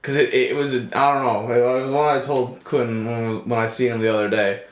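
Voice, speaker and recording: A man's voice: medium pitch, fairly even intonation, a little fast, roomy sound. A young man co-hosting a podcast, telling a story in casual chat, rambling, laughing often and swearing. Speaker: podcast co-host.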